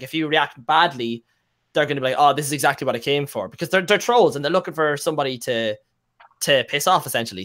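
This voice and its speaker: Fast, bright-voiced Irish man. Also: on the high side. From Ireland. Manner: animated storytelling with Irish slang and acted quotes. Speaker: guest streamer. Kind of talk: casual podcast chat.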